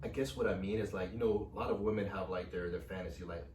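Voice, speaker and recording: A man's voice: deep voice, steady tone, fast, a little mellow. A man co-hosting a podcast with his partner, chatting casually and joking with frequent laughs. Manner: playful, joking, laughs often. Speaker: podcast co-host. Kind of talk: casual chat. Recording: roomy echo, distant mic, faint noise.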